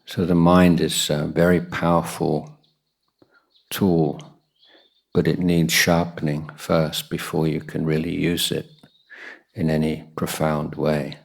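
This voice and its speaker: A man, a Buddhist monk, giving a guided meditation talk at a retreat, pausing often with soft fillers. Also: rumbling low, little pitch movement, vocal fry, breathy edge.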